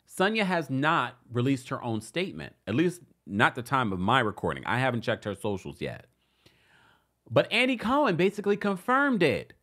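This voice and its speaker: A man's voice: mid-range voice, fairly bright tone. Brief: male gossip host, chatty and playfully shady, voice leaping up and down. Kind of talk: casual commentary.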